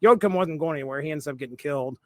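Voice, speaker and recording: A man's voice: fairly high pitch, rapid-fire, fairly bright tone, no room sound. A man co-hosting a comics podcast in casual chat, rambling with many fillers and restarts. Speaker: podcast co-host.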